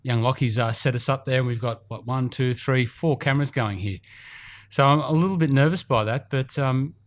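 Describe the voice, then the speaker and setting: A man's voice: mid-range voice, moderate pace. A man hosting a casual podcast in an indoor golf studio, chatty and rambling with fillers. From Australia. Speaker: podcast host.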